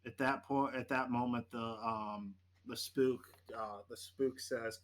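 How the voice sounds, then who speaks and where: A man's voice: medium pitch, fairly even intonation, slow pace, hardly any pauses. A man narrating a tabletop game as game master, with vivid, dramatic descriptions.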